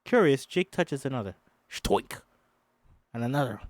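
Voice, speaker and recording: A man's voice: mid-range voice, lively intonation, measured pace, dry recording. Chatty, swearing man reading a script. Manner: chatty and profane, stumbles over words. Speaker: host. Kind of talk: casual script read-through with commentary.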